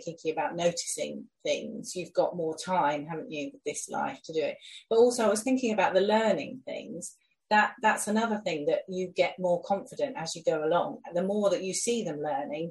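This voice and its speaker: A woman in her thirties speaks thoughtfully in a relaxed conversation, pausing often to find her words. Her voice sits on the low side. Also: poor audio. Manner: thoughtful, hesitant, with fillers. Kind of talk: casual conversation.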